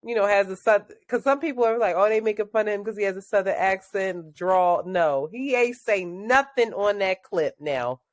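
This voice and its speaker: A woman co-hosting a podcast in casual chat, animated and laughing as she talks. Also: mid-range voice, moderate pace, hardly any pauses, no echo. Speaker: podcast co-host.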